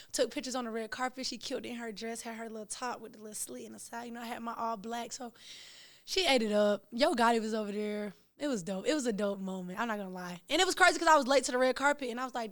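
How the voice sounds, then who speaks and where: Young woman host, high-pitched, slangy and excitable, dry close sound. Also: quick pace, dry recording. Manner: excitable, slangy, animated storytelling. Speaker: podcast host. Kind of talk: casual storytelling to camera.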